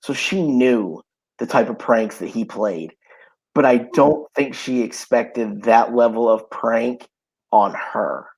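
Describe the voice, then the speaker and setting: Gravelly and a bit breathy, this medium-pitched man takes his time, though the recording quality is low. He co-hosts a casual podcast from home, telling stories in an easygoing, filler-heavy way while fighting the hiccups.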